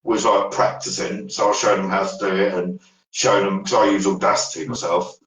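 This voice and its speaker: Deep-voiced man, echoey and distant. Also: little pitch movement, normal speed, fairly bright tone, faint music behind. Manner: rambling storyteller, trails off and restarts. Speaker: paranormal investigator guest. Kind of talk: casual podcast chat. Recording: echoey room, far from the mic.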